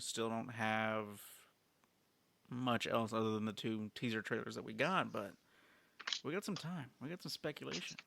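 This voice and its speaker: A man co-hosting a podcast, telling an animated story in a casual chat full of fillers. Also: medium pitch, vocal fry, no room sound. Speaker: podcast co-host.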